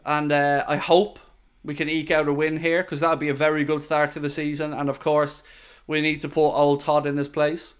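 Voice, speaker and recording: Bright-toned man hosting a football watchalong. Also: on the high side, monotone, moderate pace, smooth. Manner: chatty, reads out viewer messages and gives tactical opinions. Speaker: football channel host. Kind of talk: casual live watchalong chat.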